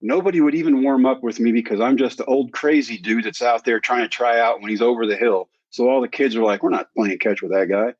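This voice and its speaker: A man of about sixty spins a long personal story, playing out each quoted line as he goes. His voice sits at an ordinary middle pitch. The recording is dry, with a slightly dull, muffled top end. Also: fast, hardly any pauses, dry recording. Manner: animated storyteller who acts out quoted dialogue. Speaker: guest. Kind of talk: storytelling in a sit-down conversation.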